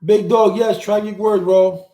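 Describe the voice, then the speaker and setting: In an echoey room, a man hosting a live stream goes through viewer comments and rambles about his views, repeating words while hunting for the right ones. His voice sits high but has a dark tone, with fairly even intonation and a slightly slow pace.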